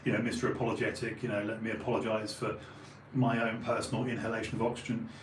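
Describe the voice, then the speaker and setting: A man in his forties with an Essex and London accent, hosting and telling a long anecdote in casual chat, animated, swearing freely and acting out the people in his story. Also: fairly low pitch, fast, roomy sound, slight background noise, rough recording. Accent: Essex and London English. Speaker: podcast host.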